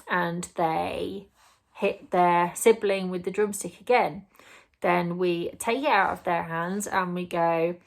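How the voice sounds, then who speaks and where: Woman with a gravelly voice. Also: fairly low pitch, steady tone, slow pace. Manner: earnest, explanatory, acts out the parent's and child's words. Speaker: parenting vlogger. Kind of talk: advice monologue to camera.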